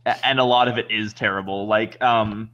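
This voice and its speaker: A man's voice: on the low side, fairly even intonation, moderate pace, a bit bright, lo-fi sound. Rambling, self-correcting male podcast co-host. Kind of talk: casual chat.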